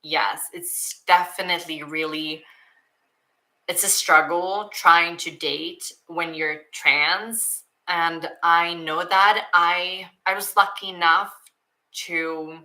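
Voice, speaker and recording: A young woman with a Swedish accent chats through viewer questions at an unhurried pace. Her voice sits a little low but sounds bright and forward, and she talks with lots of fillers and giggles, openly emotional. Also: fairly even intonation, poor audio. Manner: emotional, giggly, many likes and ums. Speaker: YouTuber answering viewer questions. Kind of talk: casual Q&A chat.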